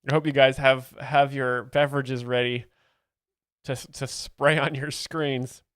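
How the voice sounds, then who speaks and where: A man's voice: mid-range voice, flat delivery, a little slow, fairly bright tone, clear, resonant tone, dry recording. A man hosting a livestream, chatting and laughing as he explains a comedy clip, on a close mic. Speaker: host reacting to a comedy clip. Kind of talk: livestream commentary.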